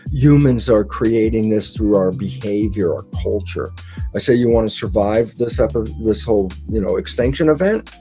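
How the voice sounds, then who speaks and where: A man explaining ideas in an interview, animated and casual, acting out quoted dialogue with sudden jumps in pitch and the odd mild swear word. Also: normal speed, faint music behind.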